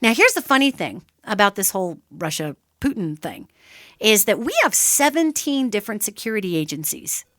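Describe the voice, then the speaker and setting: A woman hosts a solo radio talk show, explaining ideas in an animated, emphatic, conversational teaching style and speaking straight to her listeners. Her mid-range voice moves at normal speed, and the recording is dry with clean studio sound.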